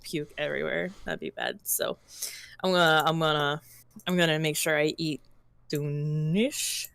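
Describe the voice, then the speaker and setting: A woman's voice: deep voice, steady tone, unhurried, vocal fry, fairly bright tone, clear, resonant tone. A tipsy woman streaming a game from home, chatting in a rambling, giggly way. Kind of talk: casual chat while gaming.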